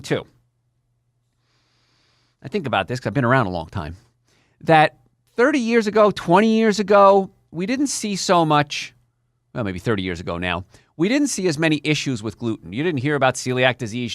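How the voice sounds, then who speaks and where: An older man, a doctor hosting a health talk show, speaking in an animated, chatty way straight to his listeners. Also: a little high, no echo, clean studio sound. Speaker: doctor and podcast host.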